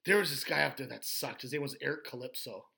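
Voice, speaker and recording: Gravelly, bright-voiced former wrestler telling stories. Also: male voice, mid-range voice, fast talker. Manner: rambling, laughing storyteller with many fillers. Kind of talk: casual podcast chat.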